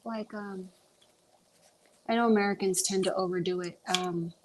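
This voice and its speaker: A woman's voice: mid-range voice, fairly even intonation, moderate pace, a little mellow. A young woman with a Texan Southern accent, chatting casually on a livestream with lots of ums. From Texas. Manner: chatty, self-conscious, many ums. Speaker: livestream host.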